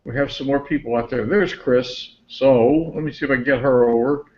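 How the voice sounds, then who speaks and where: A man's voice: medium pitch, fairly even intonation, moderate pace, lo-fi sound. A man hosting an online discussion group on a video call, chatty and thinking aloud as he sorts out the tech.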